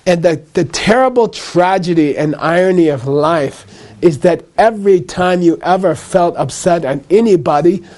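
Male Buddhist teacher, mellow tone, slightly high pitch, patient and repetitive, keeps checking "okay?". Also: normal speed, few pauses. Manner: repetitive, checks in with "okay?" after each point; patient explaining with a light laugh. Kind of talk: live lecture to a class.

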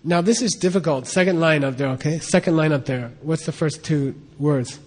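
A man's voice: fairly high pitch, normal speed, darkish tone, long reverb tail. A man teaching a class in a casual, chatty way, often checking in with "okay?" and repeating himself. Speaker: teacher of Tibetan and Sanskrit texts.

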